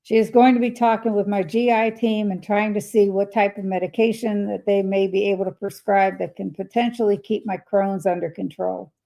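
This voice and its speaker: An older woman chats on her livestream, reading out viewers' messages and answering each one. Her voice is gravelly with a mellow, dark tone, and she speaks at an everyday middle pitch. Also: fairly even intonation, fairly quick, hardly any pauses, rough recording. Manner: chatty, reads messages aloud and replies warmly. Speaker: livestream host. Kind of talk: casual livestream chat, reading viewer comments aloud.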